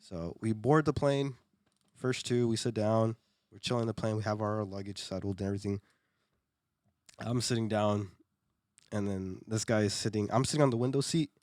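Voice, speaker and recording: A man's voice: lowish voice, steady tone, moderate pace, a little mellow, no room sound, clean studio sound. A young man co-hosting a podcast, telling a story in a loose, casual way, laughing often, swearing and repeating himself. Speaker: podcast co-host.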